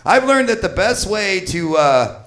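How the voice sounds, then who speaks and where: A man's voice: sits high, big pitch swings, measured pace. Profane fifty-year-old man doing stand-up. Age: 50s. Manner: crude, rambling, shouts punchlines. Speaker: stand-up comedian. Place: comedy club stage.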